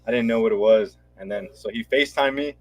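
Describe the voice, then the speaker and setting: Fast-talking husky man. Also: lowish voice, dry recording. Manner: quick, rambling storytelling. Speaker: guest. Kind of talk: casual chat.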